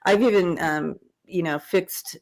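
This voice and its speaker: A woman's voice: on the low side, measured pace, a little mellow. A middle-aged woman hosting a casual livestream chat, talking in a rambling way with many restarts. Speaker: host.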